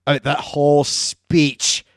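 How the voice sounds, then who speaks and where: A man co-hosting a gaming podcast, chatting casually with animated, joking banter. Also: on the high side, takes it slowly, clean tone, no echo, studio quality. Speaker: podcast co-host. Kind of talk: casual chat.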